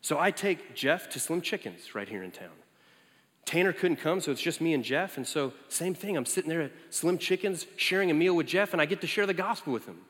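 A man preaching as a campus minister, telling a story in an animated way and leaping high in pitch for quoted lines. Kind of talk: storytelling sermon. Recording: echoey hall.

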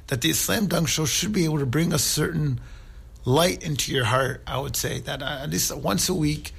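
A man hosting a radio show while hoarse from a sore throat, talking earnestly and rambling with many restarts. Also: medium pitch. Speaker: radio host.

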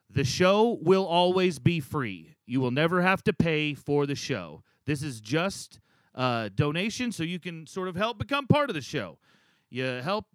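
A man hosting an improv comedy podcast, bantering with loud, exasperated outbursts and reading the show's announcements. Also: fairly high pitch, no room sound.

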